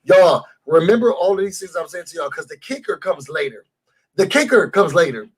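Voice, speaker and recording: High, husky-voiced man ranting. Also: brisk. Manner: animated, talks straight to viewers. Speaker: YouTube show reviewer. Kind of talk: casual recap rant.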